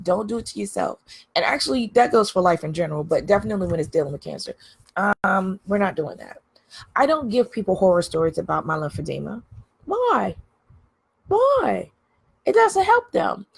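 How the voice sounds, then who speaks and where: A woman's voice: mid-range voice, vocal fry, husky. A woman hosting a candid livestream, talking bluntly and emphatically, repeating phrases to drive her points home. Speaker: livestream host.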